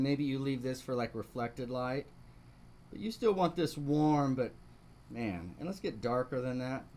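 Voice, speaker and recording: A man's voice: medium pitch, darkish tone, slight background noise. Man teaching a painting lesson. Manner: talks through steps, asks rhetorical questions. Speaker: painting instructor. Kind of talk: live online painting lesson.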